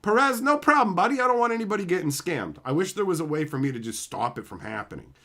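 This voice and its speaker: A man's voice: a little high, sing-song, fast. A young man hosting a livestream, ranting in a brash, profane, swaggering way. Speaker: livestream host. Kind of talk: casual livestream rant.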